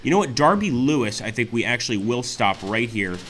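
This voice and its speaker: A man hosting a let's play, commenting excitedly on a strategy war game and often exclaiming to his viewers. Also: mid-range voice, fairly quick, slight background noise. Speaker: gaming channel host.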